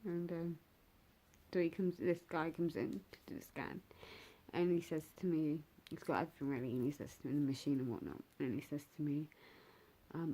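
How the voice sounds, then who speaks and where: A young adult woman telling a personal story in a vlog, talking in a halting, hesitant, emotional way with many fillers and restarts. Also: low voice, fairly even intonation, dark tone. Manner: emotional and raw. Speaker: bereaved mother telling her story.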